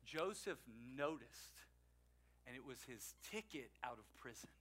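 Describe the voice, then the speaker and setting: A man preaching a sermon, swinging between loud emphatic lines and quiet asides, and acting out the people he quotes. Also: mid-range voice, very animated, unhurried. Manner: acts out quoted people in changed voices. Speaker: pastor.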